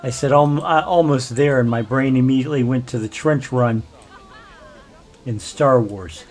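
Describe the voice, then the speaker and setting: A man's voice: mid-range voice, moderate pace, a little mellow. An older man giving rambling, self-deprecating commentary as a let's play host. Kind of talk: casual gameplay commentary.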